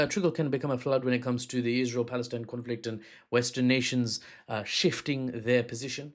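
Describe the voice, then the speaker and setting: A man talking through world politics in a loose commentary style, mid-pitched and conversational. He keeps drifting into silly asides and quick self-corrections before getting back on track. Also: fairly even intonation. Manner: jokey, breaks off into silly asides and apologies. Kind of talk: casual news commentary. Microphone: handheld or desk mic.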